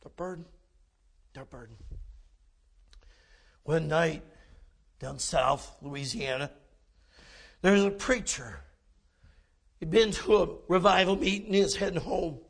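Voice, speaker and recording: A male preacher telling a folksy story in a sermon, often dropping to a hush. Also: on the high side, expressive, unhurried, creaky, pauses often, husky. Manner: folksy storytelling, drops to hushed tones.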